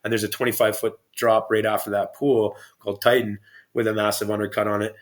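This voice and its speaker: Man, rapid speech, rambling, profane, lots of restarts, casual interview storytelling. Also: lowish voice, little pitch movement. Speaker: podcast guest.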